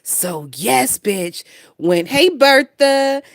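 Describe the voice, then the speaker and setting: A woman's voice: high voice, animated, drawn-out words, no room sound, clean studio sound. A woman in her twenties hosting a casual gossip livestream, brash and profane, reading out viewer comments and laughing often. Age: 20s. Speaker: gossip channel host.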